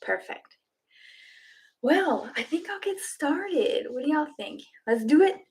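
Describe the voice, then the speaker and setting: A woman's voice: high-pitched, very animated, slow pace, a little mellow. A woman chatting casually and giggling with her students and her cats before a live online yoga class. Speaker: yoga instructor.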